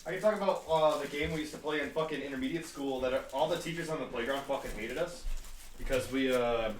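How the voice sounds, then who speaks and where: A man's voice: mid-range voice, quick pace, far from the mic. Young man, echoey and off-mic. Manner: reacts with sudden swearing and laughter. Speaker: podcast co-host. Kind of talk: casual chat. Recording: echoey room, a bit off-mic, faint noise.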